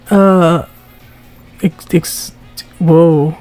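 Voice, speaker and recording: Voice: medium pitch, measured pace, darkish tone, faint music behind. A streamer reading a text game aloud, giggling often, stumbling over words and asking confused asides.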